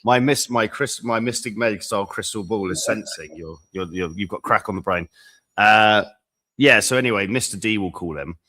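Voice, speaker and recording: Man, very deep voice, bright forceful tone, joking podcast co-host. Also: moderate pace. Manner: animated storyteller, laughs at own jokes. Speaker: dating coach podcast co-host. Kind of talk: casual podcast chat.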